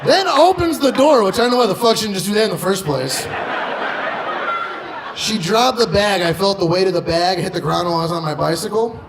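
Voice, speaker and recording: A man doing stand-up, telling a story in a loud, punchy way with swearing and acted-out quotes. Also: high-pitched, lively intonation, fairly quick, creaky, crowd noise. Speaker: stand-up comedian. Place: comedy club stage. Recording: roomy club sound with audience noise.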